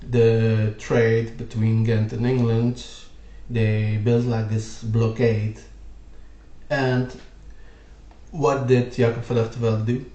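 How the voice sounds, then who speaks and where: Slow-talking man explaining history. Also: mid-range voice, dark tone. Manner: rambling, lots of fillers. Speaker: video host. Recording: roomy echo.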